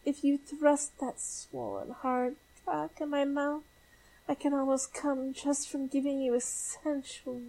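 A woman playing a high, breathy, pleading elf. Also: warm tone, low-quality recording.

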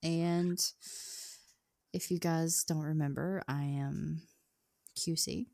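A woman's voice: deep voice, fairly even intonation, takes it slowly, vocal fry, warm tone, dry recording, clean studio sound. A woman co-hosting a casual podcast, teasing and giggling through loose banter. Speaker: podcast co-host. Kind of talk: casual chat.

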